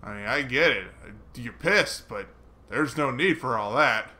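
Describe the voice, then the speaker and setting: A man chats his way through a video game, half to himself and half to his viewers. His voice is bright and forceful at an ordinary pitch, and he mocks his own mistakes before swearing loudly when something catches him off guard. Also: unhurried. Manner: chatty, self-mocking, bursts of excited swearing. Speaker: gaming let's player. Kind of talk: casual gameplay commentary.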